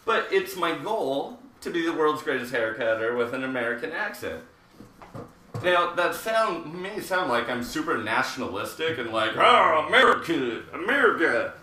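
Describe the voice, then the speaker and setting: A man's voice: medium pitch, expressive, normal speed, sharp tone. A man in his thirties, a hairdresser hosting a live haircutting show, chatting casually and rambling with jokey asides while he works. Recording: roomy, distant live-stream audio.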